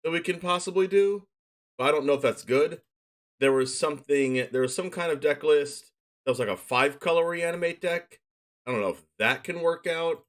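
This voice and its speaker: A young man streaming a card game, chatting to his viewers in a rambling, excitable way. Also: on the high side, moderate pace. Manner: excitable, shouts and laughs at plays.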